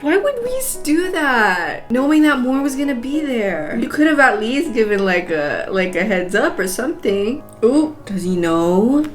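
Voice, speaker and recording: A young adult woman giving animated live reactions in a book-reading vlog, exclaiming, laughing and sighing often. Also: a little high, unhurried, soft background music. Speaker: book vlogger.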